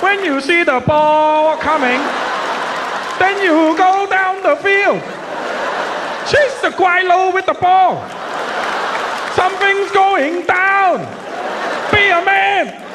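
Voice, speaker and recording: A man voicing a gruff male team coach who barks slow, drawn-out orders in a high, strained voice. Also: flat delivery, crowd noise, background noise. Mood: barking.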